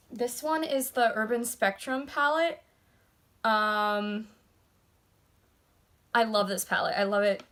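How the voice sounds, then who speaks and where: A woman's voice: a little high, fairly bright tone. A woman beauty vlogger chatting casually about her makeup, with lots of ums and likes. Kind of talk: casual chat showing makeup. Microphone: phone.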